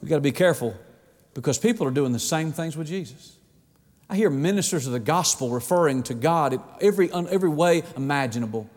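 A middle-aged man preaching a sermon in an animated way, acting out the voices of God and of people. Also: on the high side, quick pace, in a large hall.

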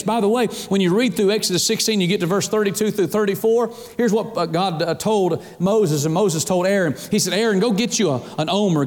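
High-voiced preacher in a reverberant church. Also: male voice. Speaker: pastor. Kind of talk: sermon. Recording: long hall reverb.

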